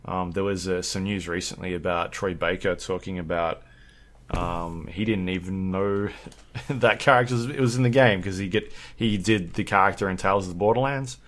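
Aussie guy with a deep voice, casual podcast chat, lots of ums. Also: moderate pace. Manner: rambling, filler-heavy, animated when telling stories. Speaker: podcast co-host.

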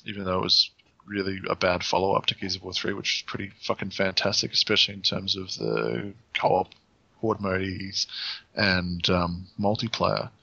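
A man rants animatedly about games, swearing freely as his thoughts ramble on. His voice is bright and forceful. It comes through a dull, dry mic with little room sound. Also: deep voice, normal speed, creaky, no echo. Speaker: podcast co-host. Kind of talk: casual chat.

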